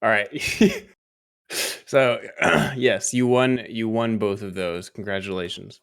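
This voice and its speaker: Casting: male streamer, a bit low-pitched, chatty and teasing, laughs a lot. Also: steady tone, slow pace, clear, resonant tone. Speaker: streamer co-host. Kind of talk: casual chat.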